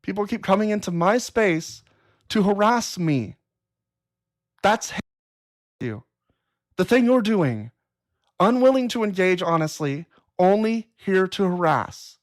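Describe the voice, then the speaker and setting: A woman's voice: mid-range voice, lively intonation, a little slow, long pauses. A woman hosting a live stream, talking casually and replying to chat comments in a blunt, profane, exasperated way. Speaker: livestream host. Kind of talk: casual livestream talk reading chat comments.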